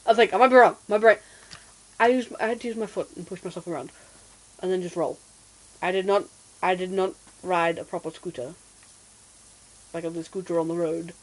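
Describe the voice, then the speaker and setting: A woman streamer chatting casually and telling an animated childhood story while gaming. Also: fairly low pitch, moderate pace, long pauses, rough recording.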